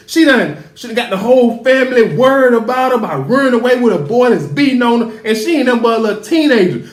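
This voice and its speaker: A man's voice: very high voice, lively intonation, brisk, hardly any pauses. A man hosting a casual TV recap, emphatic and laughing as he talks back to the characters. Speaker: TV show recap host. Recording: roomy echo.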